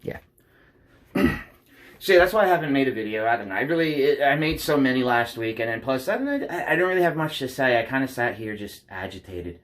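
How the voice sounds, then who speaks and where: Young man, home vlog, phone mic, rambling, blunt, profane, wide-swinging pitch. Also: sing-song, a little fast, fairly bright tone. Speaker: vlogger. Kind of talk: candid confessional vlog. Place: at home by a couch. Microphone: phone taped in place.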